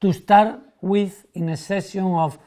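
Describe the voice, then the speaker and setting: A man, a magician, explaining a card trick in lively, broken English and acting out how spectators react. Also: high voice, a little slow.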